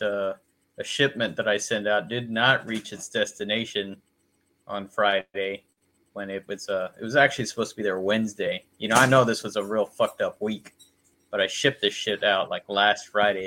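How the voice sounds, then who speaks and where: Easygoing, low-voiced male co-host. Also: pushed and bright. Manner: easygoing, profane, rambling storyteller. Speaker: podcast co-host. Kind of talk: casual podcast chat.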